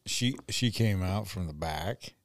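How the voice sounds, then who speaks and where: Deep, slow-talking laid-back man. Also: expressive, vocal fry, no echo. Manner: laid-back, laughs often, swears casually. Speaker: podcast co-host. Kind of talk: casual chat.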